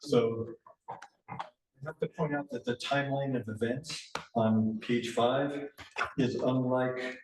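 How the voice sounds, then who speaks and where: A man's voice: medium pitch, noisy background. A man chairing a public committee meeting, speaking hesitantly with frequent restarts and dry humor. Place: county meeting room. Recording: echoey meeting room from far off.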